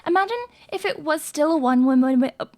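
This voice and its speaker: A woman's voice: high-pitched, fast talker, a little mellow. A young woman streaming live, chatting in a hyper, rambling and crude way with her viewers. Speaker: VTuber streamer. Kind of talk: casual live-stream chat.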